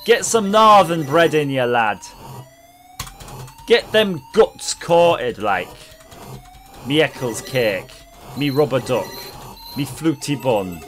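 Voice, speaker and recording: A man's voice: medium pitch, lively intonation, slow pace, long pauses, soft background music. A man voicing a hearty, boisterous northern English bloke in a hammy, exaggerated Northern English accent, over a noisy background hum. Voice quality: loud, hammy put-on accent.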